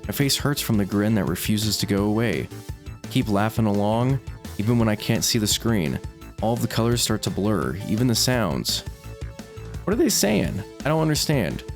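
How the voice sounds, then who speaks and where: A man's voice: fairly low pitch, lively intonation, moderate pace, faint music behind. A man reading a visual novel's first-person narration aloud as a let's play host, with small stumbles.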